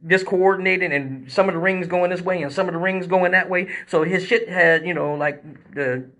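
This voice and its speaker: A man with a high voice tells a crude story on a live stream. His tone is bright and forceful, and his talk is loose and profane. He acts out the action with sound effects and jumps in pitch. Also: steady tone, moderate pace. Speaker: male exotic dancer, live-stream host. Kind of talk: comic storytelling, casual chat.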